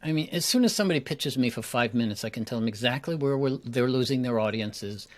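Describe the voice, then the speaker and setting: A man who coaches public speaking, a guest in an interview, talking with energy and acting out his examples. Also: medium pitch. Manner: energetic and quick, acts out examples.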